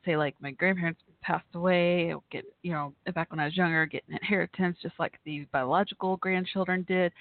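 A woman's voice: lowish voice, dry recording. A woman hosting a live call-in show from home, gushing and laughing often. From Texas. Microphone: home setup. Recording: tinny phone-like line.

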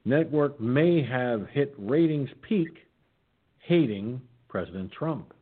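An internet radio host with a husky, expressive, mid-range voice reads news stories aloud slowly, tossing in sarcastic, profane jabs while yawning and stumbling over words. It's casual news commentary, and the audio sounds tinny, like a phone line.

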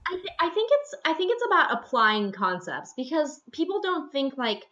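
Higher-voiced woman ranting on a podcast call, kinda muffled lo-fi audio. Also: moderate pace, hardly any pauses. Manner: animated, exasperated ranting. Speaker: guest cancer researcher. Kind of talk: casual podcast chat.

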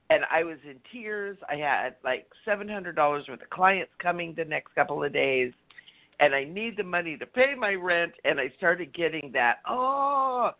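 A woman co-hosting a radio talk show, telling a story in a chatty, animated way and laughing often. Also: deep voice. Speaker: radio show co-host, energy healer. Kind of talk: casual storytelling chat. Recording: phone-line call-in audio.

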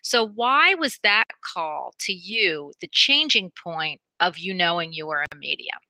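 Bright, crisp woman radio host. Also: fairly low pitch, very animated, measured pace, no room sound. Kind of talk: interviewing a guest.

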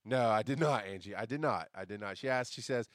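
A man's voice: lowish voice, a little fast, dry recording, studio quality. A man hosting a podcast in a casual, rambling monologue. He swears freely and breaks off to answer live chat comments. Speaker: podcast host.

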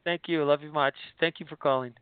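A man's voice: fairly high pitch, steady tone, fast talker, clean tone, dry recording, phone-quality sound. A man hosting a live call-in show, taking callers with brief, friendly replies. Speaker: host.

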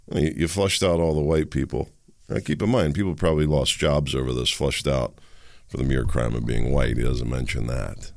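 A man's voice: very deep voice, vocal fry, no echo. A man hosting a political commentary podcast, talking alone with sarcastic, rhetorical questions to his listeners. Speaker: podcast host.

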